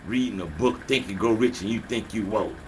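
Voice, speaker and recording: A man's voice: fairly low pitch, brisk, heavy background noise. A man delivering a preachy motivational rant as a spiritual vlogger, scolding and taunting his listeners with repeated slogans. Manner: repeats slogans, mocking laughter.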